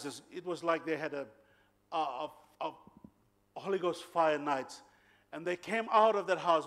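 A man from Papua New Guinea delivers a sermon in a high, lively voice. He tells stories animatedly, punching words with sudden loud emphasis and laughing between them. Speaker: preacher. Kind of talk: sermon storytelling.

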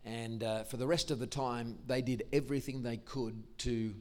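In church, a Christian musician and speaker delivers a testimony sermon as an enthusiastic story. He is an older man with an Australian accent, and his mid-range, darkish voice moves at a normal speed with fairly even intonation.

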